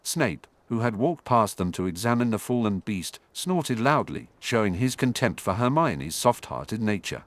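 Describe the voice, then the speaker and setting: A man narrating a fantasy audiobook in a dramatic, animated way. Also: fairly low pitch, normal speed, hardly any pauses, dry recording.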